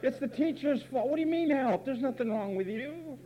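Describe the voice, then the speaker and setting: A man's voice: very high-pitched, expressive, normal speed, highs cut off, pitched above the performer's own voice. A man preaching puts on the mocking voice of a doting, dismissive parent coddling a child. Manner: mocking, sing-song coddling.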